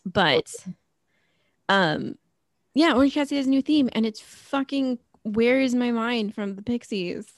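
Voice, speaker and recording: A woman's voice: on the high side, lively intonation, unhurried, no room sound, studio quality. A middle-aged woman co-hosting a podcast, chatting casually and rambling with lots of fillers. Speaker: podcast co-host. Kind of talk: casual chat.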